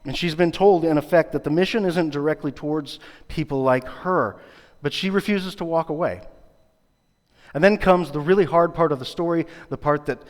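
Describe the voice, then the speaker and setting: A man's voice: on the high side, normal speed. A man preaching a sermon as pastor, earnest and building his points through rhetorical repetition. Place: church sanctuary. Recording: long reverb of a church hall.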